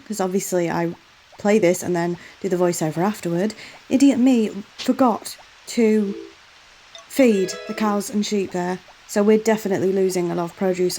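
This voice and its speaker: A woman's voice: medium pitch, warm tone, poor audio. A woman host doing a chatty voiceover for a game playthrough, often exclaiming in exasperation at herself. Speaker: gaming channel host.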